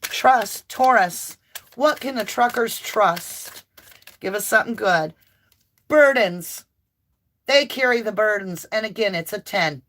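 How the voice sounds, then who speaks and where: A woman doing an impassioned tarot reading to camera, emphatic and near yelling at times, with chatty asides to her viewers. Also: medium pitch, a little slow. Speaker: tarot reader and channel host.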